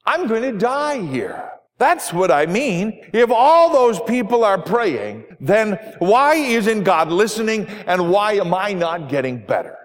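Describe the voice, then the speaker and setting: A man voicing a frail, bitter older woman dying in a hospital bed, her talk sharp and complaining, heard in a reverberant hall. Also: high voice, sing-song, takes it slowly, voice pushed up, full character voice. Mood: angry.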